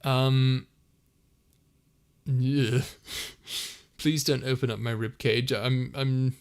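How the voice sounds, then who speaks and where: A man's voice: medium pitch, steady tone, slow, clean tone. A young man streaming from home. He reads chat aloud and answers in a rambling, easygoing way with many restarts. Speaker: streamer and audio roleplay creator. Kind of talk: casual live-stream chat, reading comments. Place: a house, indoors.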